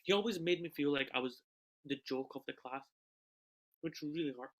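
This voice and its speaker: A young British man performing an emotional autobiographical stage monologue over a video call, swinging between loud bursts and hushed lines. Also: a little high, normal speed. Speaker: solo performer.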